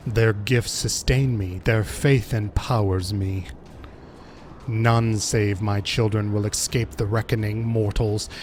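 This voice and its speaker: A man reading the lines of a haughty, menacing female wind goddess from a video game, slow and grandiose. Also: fairly low pitch, darkish tone, pitched below the performer's own voice.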